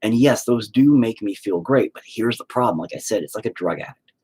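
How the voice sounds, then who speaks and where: Husky man rambling candidly, swearing freely. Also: lowish voice, lively intonation, fairly quick, a little mellow. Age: adult with children. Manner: rambling and profane, full of "you know" fillers. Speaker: podcast host and band vocalist. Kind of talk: casual confessional chat.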